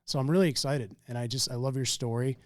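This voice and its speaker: A male podcast host speaks at an ordinary middle pitch, earnest and effusive as he talks. The recording is dry, with no room sound around his voice. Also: fairly even intonation, fast talker, no room sound. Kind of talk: conversational interview.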